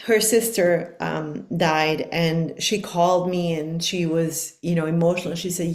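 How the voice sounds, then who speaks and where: A woman's voice: on the low side, moderate pace, few pauses. Reflective middle-aged woman, roomy sound. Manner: earnest, reflective, emphatic. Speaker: guest, life coach. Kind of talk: podcast conversation.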